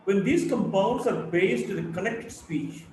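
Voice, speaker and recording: A man's voice: sits high, a little slow, a little mellow. A male college lecturer with an Indian English accent, reciting English words one at a time for a phonetics lesson. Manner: reads words one by one, spelling suffixes aloud. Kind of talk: slow recited word-list lesson. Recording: echoey room, mic far off, faint hiss.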